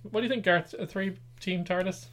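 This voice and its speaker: Man, slightly high voice, podcast co-host; relaxed chat, reads news then teases his partner. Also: a little fast. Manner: reads news items, then chats with wry asides. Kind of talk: casual pop-culture chat.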